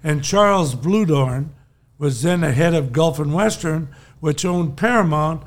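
A man's voice: a little high, a little slow. An older man, a podcast co-host, telling long rambling anecdotes in casual chat and chuckling often.

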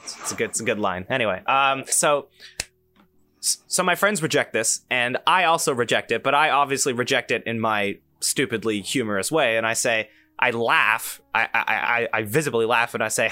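A man's voice: medium pitch, normal speed, dry recording. A young man hosting a podcast, telling a story in casual chat with many fillers and restarts. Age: young adult. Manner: animated, many restarts and fillers, acts out quoted voices. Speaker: podcast host.

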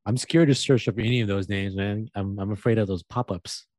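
A male podcast co-host with a lowish voice, reacting in a laid-back way. The sound is dry and close. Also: steady tone, fairly quick, darkish tone, no room sound. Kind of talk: casual podcast chat.

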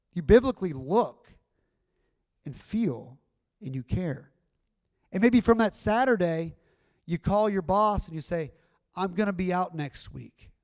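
Male pastor, middle-aged, slightly higher voice, earnest conversational sermon delivery. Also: darkish tone. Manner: earnest, conversational preaching with rising emphatic bursts.

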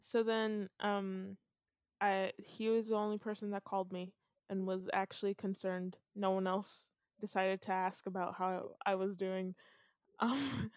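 A woman's voice: medium pitch, unhurried, clean tone, dry recording, clean studio sound. A young woman casually recounting a dream to a friend, often laughing as she tells it. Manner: laughs often, animated storytelling. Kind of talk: casual chat telling a dream.

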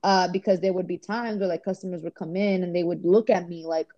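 A woman's voice: fairly low pitch, steady tone, a little fast, dark tone. A woman from the US East Coast, a podcast guest telling stories in a rambling casual way, with restarts. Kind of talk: casual conversation. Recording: dull lo-fi audio.

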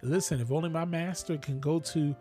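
A man's voice: fairly high pitch, brisk, mellow, faint music behind. A man preaching a radio sermon, talking straight to his listeners and rising to sudden exclamations.

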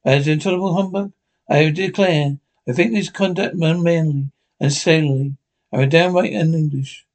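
A man's voice: a little high, fairly even intonation, normal speed, darkish tone, close to an everyday voice. A man voicing a blunt, formal sea captain who speaks curtly. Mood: stern. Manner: curt, stiff and formal.

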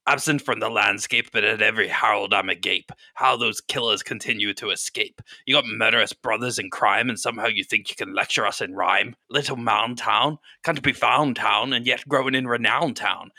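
A man's voice: lowish voice, pushed and bright, dry recording, heavily acted. A man voicing a brash female dwarf who fires off rhyming battle-rap taunts in a tabletop game. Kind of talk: tabletop role-play voice.

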